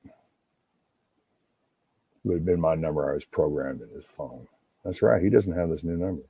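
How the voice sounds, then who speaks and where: A middle-aged man with a low, husky, dark voice speaks at a moderate pace. He's a livestream host on a phone call, delivering a rambling, casual monologue full of profanity and often talking over himself.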